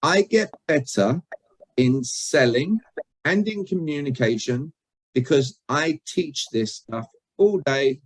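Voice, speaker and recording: A man's voice: a little high, animated, slow pace, husky, no echo, rough recording. British-born male trainer, jokey and interactive, dry close sound on a video call. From Britain. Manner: chatty, jokey, asks the audience questions. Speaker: communication trainer. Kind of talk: interactive online workshop.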